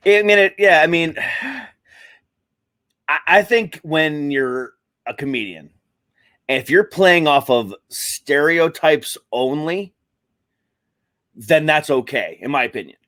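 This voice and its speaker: A man's voice: on the high side, expressive, slow pace, pauses often, fairly bright tone. A man co-hosting a podcast in casual chat, a comedian talking in a laid-back, rambling way with lots of fillers.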